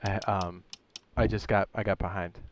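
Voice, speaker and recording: A man's voice: sits low, steady tone, moderate pace, slight background noise. A man hosting his own game live stream, chatting casually, reading viewers' messages aloud and often correcting himself. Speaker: streamer and server host.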